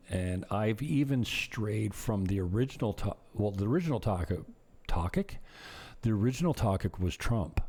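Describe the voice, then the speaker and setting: A man vlogging in a casual, rambling monologue, self-deprecating and drifting off topic, with a husky voice. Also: lowish voice, mellow.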